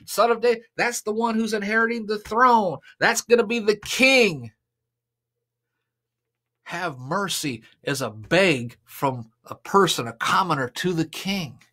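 A man's voice: high-pitched, normal speed, few pauses, bright, forceful tone. A man preaching a sermon and retelling a scripture story with dramatic, emphatic delivery. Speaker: pastor.

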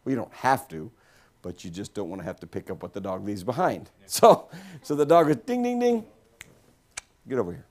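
This guest preacher's low-leaning, darkish voice swings widely in pitch, and he talks fast. In the sanctuary he plays to the congregation with jokes, drawing people up front for a humorous, interactive sermon.

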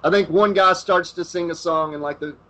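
Podcast co-host, man, loose chatty delivery, slightly high voice. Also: a little fast, pushed and bright. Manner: says "like" constantly, laughing. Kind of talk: casual chat.

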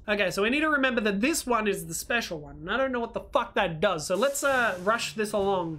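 A woman hosting a let's play, thinking aloud as she plays, excitable and swearing freely. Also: medium pitch, quick pace, hardly any pauses, soft background music. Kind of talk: gameplay commentary.

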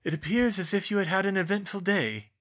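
A courteous old headmaster wizard, as a man puts him on, speaking in formal, measured phrases. His tone is bright and a shade raised in this storybook reading. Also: high voice, voice pushed up. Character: elderly male headmaster wizard, courteous and knowing.

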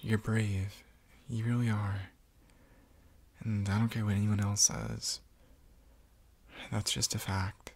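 A man talking softly in a whispered role-play, gentle and reassuring. His low voice is gravelly and husky, and he takes his time with every phrase. The sound is close and dry. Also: little pitch movement, slow, long pauses, no echo. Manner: gentle, reassuring, soft-spoken. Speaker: ASMR roleplayer.

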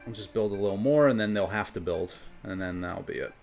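A man's voice: on the low side, fairly quick, creaky, darkish tone. A man from New York with a New York accent, chatting casually as a game streamer and rambling between topics. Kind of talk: casual gameplay commentary. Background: faint game music.

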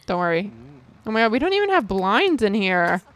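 A young woman giving casual, chatty commentary while playing a life-sim game, excitable and quick to shriek and laugh. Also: medium pitch, background noise. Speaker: gaming streamer. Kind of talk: casual Let's Play commentary.

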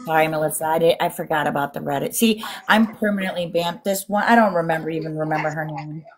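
A woman's voice: deep voice, quick pace, faint music behind. A woman co-hosting a casual livestream, reading viewer comments aloud in an indignant tone. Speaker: livestream co-host. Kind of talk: casual live-stream chat.

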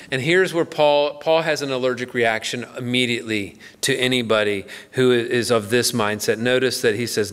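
A man's voice: mid-range voice, fairly bright tone. A middle-aged man, a pastor, teaching the Bible in a casual, conversational way and acting out a story with playful voices. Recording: long hall reverb.

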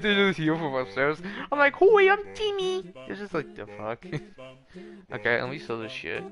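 A man's voice: fairly high pitch, fairly bright tone. A man casually commentating a video game at home, laid-back, swearing and laughing between remarks. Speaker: gamer commentating a let's play. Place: room in a house, at home.

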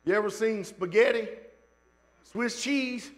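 A man preaching a sermon, telling stories with sudden loud bursts and then dropping to joking asides with the congregation. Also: high voice, takes it slowly. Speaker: pastor. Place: church sanctuary.

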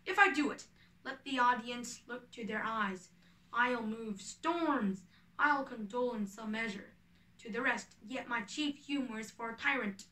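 A woman reading the part of a boastful, eager male weaver who is an amateur actor, with a bright voice, a little high for a woman, in an echoey room away from the mic. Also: unhurried, recorded from a distance.

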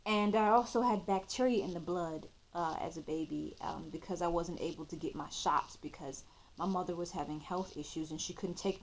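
A woman in her twenties, a YouTuber, telling her own story to the camera in a casual, expressive way and calling her viewers "y'all". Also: fairly low pitch.

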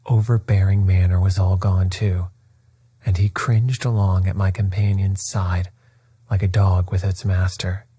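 A man narrating a classic story at bedtime with a soft, steady, soothing delivery. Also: low voice, husky, no echo.

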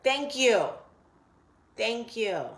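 A woman's voice: a little high, very animated, very slow, reverberant. A woman, hosting a casual chat to camera in a rambling, blunt, swearing way in her kitchen. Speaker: vlogger, show host.

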